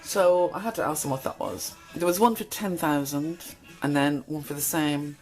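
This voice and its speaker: A woman's voice: sits low, moderate pace, a little mellow, soft background music, rough recording. A middle-aged woman telling stories from her past in a casual, blunt monologue. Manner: chatty, blunt, acts out quoted exchanges. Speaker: channel host.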